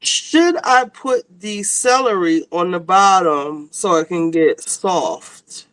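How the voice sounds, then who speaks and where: A woman's voice: on the low side, lively intonation, slow, fairly bright tone, poor audio. A woman hosting a casual chat show, asking lots of questions while she cooks. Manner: chatty, asks lots of questions. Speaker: show host.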